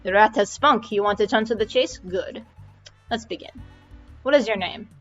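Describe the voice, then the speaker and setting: A woman's voice: medium pitch, normal speed, close to an everyday voice. A woman putting on a blustering mob boss. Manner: broken clipped English, blustering. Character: gruff boastful male mob boss. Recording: dull audio with faint music.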